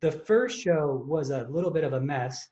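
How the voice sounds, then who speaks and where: A man hosting a fitness podcast, telling a story in casual, excited chat full of fillers and restarts. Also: on the high side, normal speed, highs cut off. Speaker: podcast host and contest prep coach.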